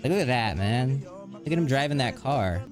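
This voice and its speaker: A man's voice: medium pitch, animated, normal speed. A man live streaming in casual chat, rambling and stringing thoughts together with constant fillers. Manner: rambling, heavy use of "like" fillers. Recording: music playing underneath.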